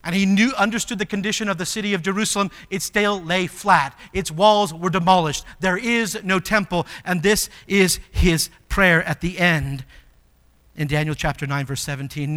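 A male pastor preaching a sermon, emphatic, his delivery swinging between hushed, quiet passages and loud, forceful ones. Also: high-pitched, normal speed.

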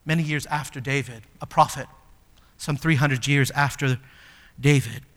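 A man preaching a sermon as pastor, moving from soft, low passages to loud, emphatic ones. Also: steady tone, moderate pace. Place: church sanctuary. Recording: long hall reverb.

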